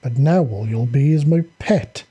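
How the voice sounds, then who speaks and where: A man's voice: medium pitch, normal speed, warm tone, breathy edge. A man reading aloud and voicing a seductive, cruel female fallen angel who taunts and mocks in a sultry way. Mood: mocking.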